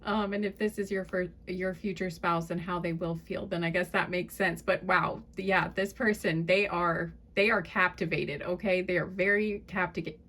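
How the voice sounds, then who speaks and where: A woman doing a pick-a-card tarot reading in a soft, chatty and apologetic way. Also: on the low side, steady tone, normal speed, few pauses. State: fits of laughter. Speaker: tarot reader.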